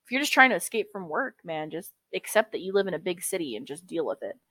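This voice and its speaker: A woman's voice: fairly low pitch, very animated, fast talker, hardly any pauses, sharp tone, no room sound. Chatty, swearing woman podcaster. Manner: chatty, swears freely, calls everyone girl. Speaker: podcast co-host. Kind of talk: casual chat.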